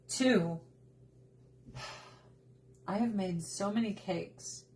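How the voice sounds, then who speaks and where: A woman's voice: on the low side, slight background noise. A young adult woman hosting a cooking vlog, chatting casually as she cooks, laughing often and slipping into playful voices. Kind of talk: casual chat while cooking.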